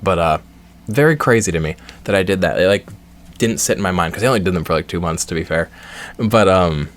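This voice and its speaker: A man's voice: deep voice, expressive, fairly quick. A young man doing a game playthrough with playful, joking asides, reading the dialogue aloud. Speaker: game streamer. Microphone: headset or desk mic with face cam.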